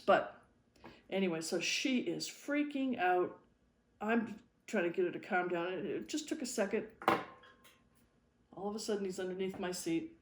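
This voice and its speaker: A woman hosting a fly-tying video, telling a fishing-guide story in an easygoing, wry way while she ties. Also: medium pitch. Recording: echoey room with faint noise.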